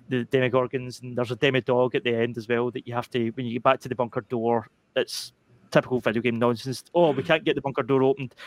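A young man talking at a quick clip, piling one clause onto the next with fillers and restarts. He is a panelist on a gaming podcast, recorded on a close mic in a dry, dead room. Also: mid-range voice, dry recording. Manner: rambling, animated storytelling with many fillers and restarts. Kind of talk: casual chat.

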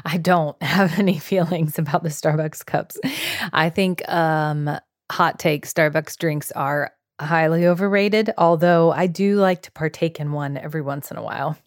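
A woman's voice: low voice, moderate pace, dry recording, studio quality. A woman from Florida co-hosting a casual talk show, wry and teasing. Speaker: podcast co-host. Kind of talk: casual chat.

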